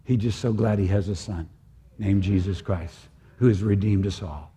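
An older man preaching a sermon in an earnest, halting way, often restarting his phrases. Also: on the low side, dark tone, breathy edge.

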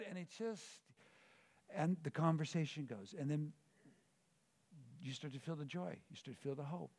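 A man preaching a sermon and leading a prayer, with rhythmic, repeated declarations that swing between hushed, intimate tones and loud exclamations. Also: on the high side, moderate pace. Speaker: pastor.

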